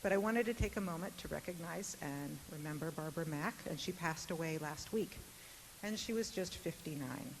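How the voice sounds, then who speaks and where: A woman's voice: deep voice, moderate pace, vocal fry. A woman moderating a university panel, speaking in a witty, chatty way with some fillers. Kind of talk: public talk. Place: lecture hall. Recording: noisy hall recording with hiss.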